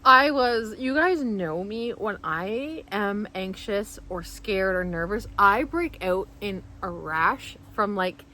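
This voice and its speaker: A woman's voice: medium pitch, lively intonation, takes it slowly, few pauses, sharp tone, slight background noise, low-quality recording. A woman vlogger telling a personal story in casual, emotional, rambling speech full of restarts.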